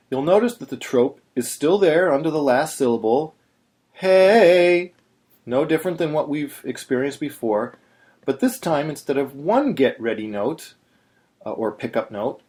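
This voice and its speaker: A man's voice: mid-range voice, darkish tone. A man teaching Torah chanting in a plain, patient voice, stopping to sing short chanted examples. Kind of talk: instructional video narration.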